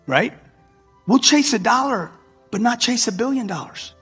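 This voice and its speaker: A motivational speaker in his 60s gives a brash, preachy talk in a large hall, calling out to the live audience directly and using slang. His voice is extremely high, animated and fairly bright with a breathy edge, at a moderate pace, while music plays beneath the echoey room sound.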